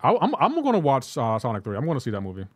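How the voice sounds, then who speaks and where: A man's voice: medium pitch, wildly swooping pitch, very fast, dry recording. A man live-streaming a game, chatting loosely with his viewers and filling his talk with "like". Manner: loose, chatty, talks back to viewers, lots of "like". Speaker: gaming livestreamer. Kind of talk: casual live-stream chat while playing.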